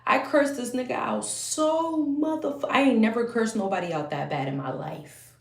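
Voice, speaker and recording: A young woman telling a story in a heated, profane rant that swings between loud outbursts and low muttering. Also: moderate pace, gravelly, reverberant.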